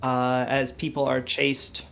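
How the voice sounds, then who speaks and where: Gravelly-voiced game master, muffled audio. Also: male voice, medium pitch, takes it slowly, slight background noise. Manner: relaxed, thinking aloud with fillers. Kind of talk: narrating a tabletop game.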